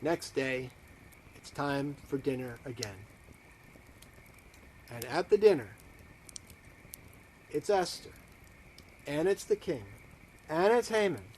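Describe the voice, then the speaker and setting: A man, a rabbi, telling a story to students in a dramatic, expressive way. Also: fairly high pitch, slow, pauses often, slight background noise.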